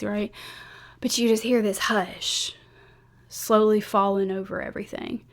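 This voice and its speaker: A woman's voice: medium pitch, fairly even intonation, normal speed. A woman hosting a true crime channel, telling the story casually with lots of fillers, emotional moments and blunt asides. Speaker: true crime YouTube host.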